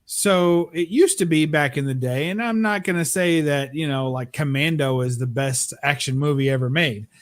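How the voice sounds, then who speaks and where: A man's voice: fairly high pitch, moderate pace, hardly any pauses. A man chatting casually on a livestream, blunt and profane as he airs his opinions. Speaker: livestream co-host. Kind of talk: casual chat.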